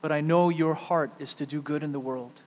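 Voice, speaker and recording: A middle-aged man preaching a sermon, shifting between loud emphatic peaks and hushed, quiet stretches. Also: fairly high pitch, steady tone, normal speed. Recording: long hall reverb, faint mains hum.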